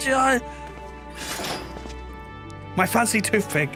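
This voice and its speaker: A man streaming a game, chatting casually to viewers, swearing often and jumping high in pitch when amazed. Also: lively intonation, unhurried, pauses often. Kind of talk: casual gaming livestream chat. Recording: faint background music.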